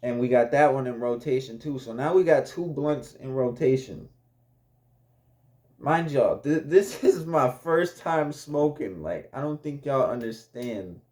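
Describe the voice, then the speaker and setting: A man's voice: medium pitch, unhurried, a little mellow. A young man casually telling a personal story to his viewers, laid-back and chatty, laughing often and calling the audience y'all.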